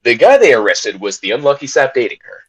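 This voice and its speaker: A man's voice: medium pitch, sing-song, fast talker, slight background noise, close to an everyday voice. Phoenix Wright read by a man. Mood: earnest. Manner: earnest first-person narration. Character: nervous young male defense attorney. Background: game music.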